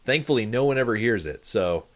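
A man who hosts his own podcast, appearing as a guest in casual chat, talking in a relaxed, rambling way full of hesitations. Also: mid-range voice, a little fast.

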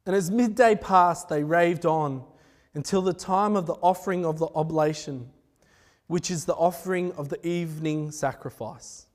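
A man preaching a sermon, retelling scripture in a lively, conversational way with chatty asides. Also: fairly high pitch, moderate pace. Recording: echoey hall.

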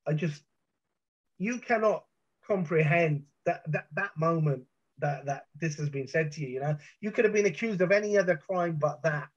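A man's voice: a little high, moderate pace. A middle-aged man from the United Kingdom, a podcast guest, intensely retelling a personal ordeal with vivid detail, restarts and swearing. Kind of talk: emotional first-person storytelling. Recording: muffled, dull podcast audio.

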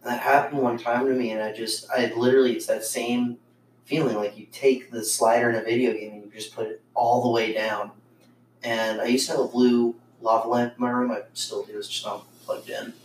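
On a podcast, a man casually tells a ghost story, rambling with lots of swearing and filler words. His mid-range voice is flat and brisk, captured by a distant mic in a roomy space with faint noise.

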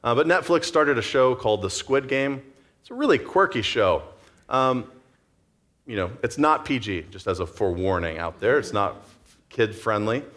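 A man's voice: mid-range voice, animated, moderate pace, fairly bright tone. A man preaching a sermon in a conversational way, acting out the story's scenes. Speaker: pastor.

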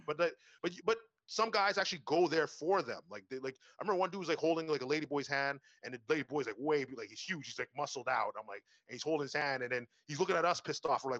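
A man's voice: a little high, fast, few pauses, fairly bright tone, dry recording, dull audio. A young man telling stories in casual chat, rambling and profane, full of fillers and restarts.

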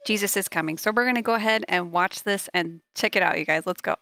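Bright, smooth woman hosting a faith channel. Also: mid-range voice, fast, no echo. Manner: warm churchy greeting, upbeat. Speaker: channel host. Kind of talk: casual video introduction.

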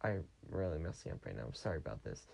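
A man's voice: very deep voice, big pitch swings, quick pace, vocal fry, darkish tone, slight background noise. A tired young man hosting a podcast, talking in a chatty, rambling way and often correcting himself. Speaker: podcast host. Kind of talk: rambling casual monologue.

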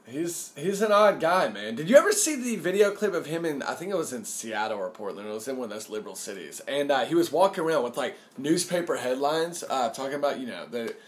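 Young male podcast host, casual, lively up-and-down delivery, shouts when mimicking others. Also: mid-range voice, brisk, few pauses. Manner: animated, acts out quotes in raised shouting voice.

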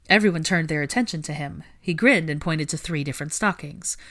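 A woman reading a storybook chapter aloud with a low voice. Her narration is calm and even, with a steady pace from line to line. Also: a little fast. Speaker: audiobook reader.

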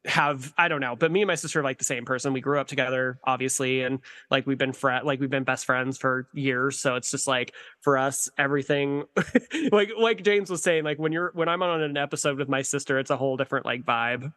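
A man chatting as a podcast guest, excitable and laughing often, with casual swearing. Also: mid-range voice, a little fast. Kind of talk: casual chat.

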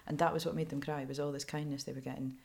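A Scottish woman journalist talking frankly in an interview, animated and laughing often. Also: low-pitched, very fast, creaky. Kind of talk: candid interview storytelling.

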